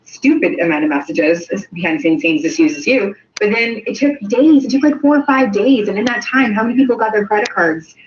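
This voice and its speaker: A woman speaks very fast in casual chat, repeating words as her sentences tumble out. Her voice echoes around a roomy space, and the recording is dull and lo-fi with a faint hiss. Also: medium pitch, lively intonation. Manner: rapid, tumbling speech with repeats. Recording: echoey room with dull lo-fi sound.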